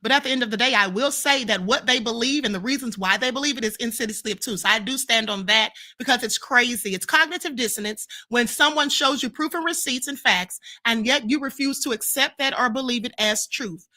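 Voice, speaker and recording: A woman's voice: fairly high pitch, fairly quick, few pauses, bright, forceful tone. A woman hosting a live-stream commentary show, answering viewer comments in an emphatic, lecturing way and often ending points with "okay?" and "ma'am".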